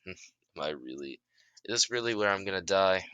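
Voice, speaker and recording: A man voicing a blunt, calm young male hero in a fan-made story. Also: deep voice, fairly quick, clean tone, no echo, dull audio.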